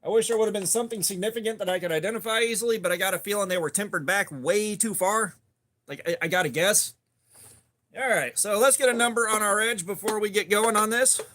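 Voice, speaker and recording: Hosting a casual livestream, a man with a drawl chats easily and greets viewers by name. His unusually high voice comes across bright and forceful, and while his manner is laid-back and friendly, his pace is quick.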